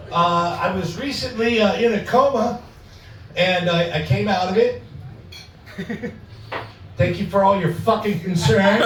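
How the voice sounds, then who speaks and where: A wry, high-voiced man performs a stand-up comedy set on a comedy club stage. The sound is echoey and distant, typical of a club.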